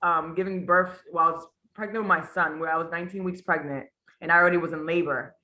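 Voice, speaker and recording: A woman student sharing personal stories in a class discussion, animated and acting out the voices of the people she quotes. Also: fairly low pitch, fast talker.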